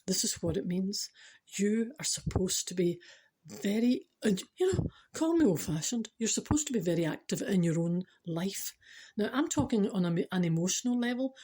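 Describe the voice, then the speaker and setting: A woman's voice: mid-range voice, expressive, moderate pace, mellow, slightly rough. A woman from Scotland with a Scottish accent, giving a chatty spiritual talk to her viewers, emphatic and self-mocking with dry humour. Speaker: spiritual vlogger.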